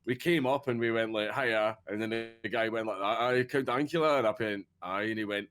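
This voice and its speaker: A man's voice: on the low side, fairly quick, hardly any pauses, a bit bright. A man with a Scottish accent telling stories in a casual podcast chat, swearing a lot and laughing often. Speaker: podcast guest.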